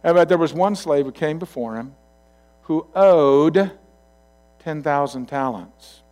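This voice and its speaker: A male pastor giving a sermon in a conversational storytelling way, swinging from loud to quiet asides. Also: a little high, slow pace.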